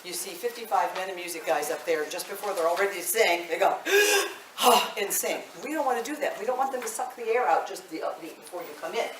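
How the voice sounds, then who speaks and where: A woman in her fifties, a voice teacher leading a live vocal workshop, chatty and animated, laughing often. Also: lowish voice, fast talker, few pauses, slight background noise. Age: 50s. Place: indoor workshop room. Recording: echoey room, mic at a distance.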